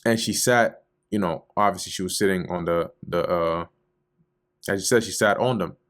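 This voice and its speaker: A man reading scripture aloud and explaining it in casual, slangy paraphrase during a relaxed Bible study. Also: low-pitched, normal speed. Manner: reads archaic verses, then explains them in loose slangy paraphrase.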